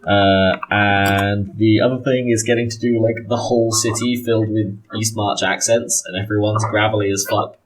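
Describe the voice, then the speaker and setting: Husky-voiced man running a game recap. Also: fairly low pitch, little pitch movement, normal speed, hardly any pauses, rough recording. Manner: chatty, laughing, stammering restarts. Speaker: game master. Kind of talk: casual post-session recap chat.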